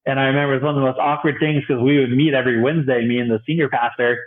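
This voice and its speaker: Speaking very fast in a mid-range voice, a young bi-vocational youth pastor guests on a podcast, casually spinning animated stories. He acts out each quoted voice and laughs a lot, and the audio has a tinny, phone-like quality.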